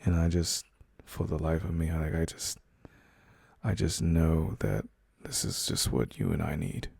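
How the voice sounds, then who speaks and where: Deep gravelly man, whispered role-play. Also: animated, no echo. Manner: soft, slow, soothing reassurance. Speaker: ASMR boyfriend role-play host.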